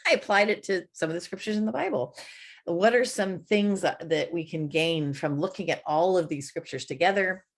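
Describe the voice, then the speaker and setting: Woman preacher, low gravelly voice, relaxed conversational sermon delivery. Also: moderate pace. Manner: conversational, laughs easily. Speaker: church speaker.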